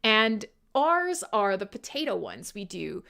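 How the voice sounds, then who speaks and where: A woman's voice: medium pitch, big pitch swings, measured pace, vocal fry, bright, forceful tone. A young adult woman hosting a live metal radio show, chatting irreverently with listeners, swearing and laughing often.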